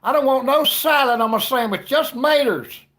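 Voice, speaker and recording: A man voicing a loud redneck customer with a Southern accent, shouting and stretching his words out slowly. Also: very high voice, pitched above the performer's own voice. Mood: insistent. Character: loud drawling redneck man ordering at a drive-through.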